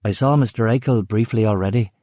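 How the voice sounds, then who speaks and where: A man's voice: on the low side, fast, dark tone, dry recording, studio quality, lightly acted. A man reading an audiobook, voicing a laconic hired ex-policeman with a Northern Irish accent.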